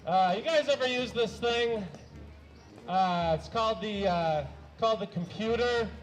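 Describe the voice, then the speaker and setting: High-voiced deadpan stand-up comic. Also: male voice, poor audio. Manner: halting, deadpan delivery with frequent uhs and throat clearing. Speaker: stand-up comedian. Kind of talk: deadpan stand-up set of one-liners.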